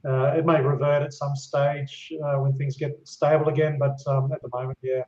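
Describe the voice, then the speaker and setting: A man's voice: a little high, level tone, normal speed, warm tone, reverberant, highs cut off. A man, a property specialist guest, speaking hesitantly with many ums and uhs. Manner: hesitant, filler-heavy. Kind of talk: casual live-stream chat.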